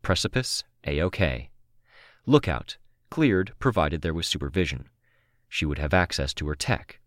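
A man reads a first-person novel with a very deep, low voice. He takes his time, pausing between phrases in a calm, measured way. The sound is close and dry, with no room around it. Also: no room sound. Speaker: audiobook narrator. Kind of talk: scripted narration of a novel.

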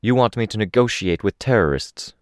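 A man's voice: on the low side, animated, fairly quick, no room sound, clean studio sound, voice pushed up, lightly acted. A man voicing a guarded woman district representative who answers with pointed questions.

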